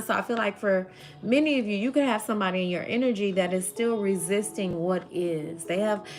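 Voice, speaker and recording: Slow, rambling woman reading tarot. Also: medium pitch. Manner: rambling, emotional, says "like" often. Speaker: tarot reader. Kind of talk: spiritual tarot reading to viewers.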